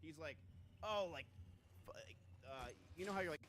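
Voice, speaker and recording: A man's voice: on the high side, lively intonation, moderate pace, fairly bright tone, slight background noise. Man ranting profanely as a streamer. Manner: profane, rambling and incredulous. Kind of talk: casual storytelling while gaming.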